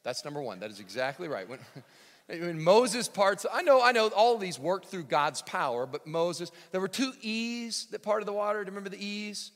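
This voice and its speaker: Gravelly preacher with big dynamic swings. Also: male voice, sits high, animated, moderate pace. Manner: dramatic swings from shouting to hushed, with joking asides. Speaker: pastor. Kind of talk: sermon. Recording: long hall reverb.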